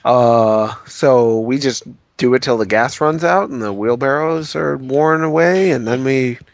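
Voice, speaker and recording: A man's voice: mid-range voice, unhurried, dry recording. A man co-hosting a comedic podcast, rambling and hesitant, full of ums and restarts. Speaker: podcast co-host.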